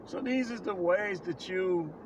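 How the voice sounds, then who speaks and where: Man, blunt emphatic preaching, fairly high voice, faint traffic hum behind. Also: a little slow. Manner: blunt, emphatic, repeats himself for stress. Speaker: self-described prophet giving life advice. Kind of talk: casual preaching monologue to camera.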